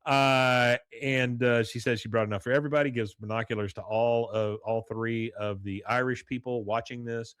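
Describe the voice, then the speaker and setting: A man's voice: medium pitch, steady tone, moderate pace, few pauses, fairly bright tone, clean tone, no echo, clean studio sound. A man hosting a podcast, casually recapping a cartoon episode with lots of "uh" and acted-out quotes. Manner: rambling retelling full of "uh" and acted-out quotes. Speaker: podcast host.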